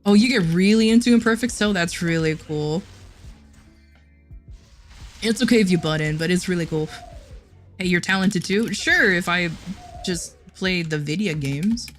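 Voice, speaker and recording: A woman's voice: lowish voice, moderate pace, pauses often, soft background music. Giggly woman chatting on stream. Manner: giggly, chatty, frequent restarts. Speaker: livestreamer reading chat. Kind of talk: casual stream chat.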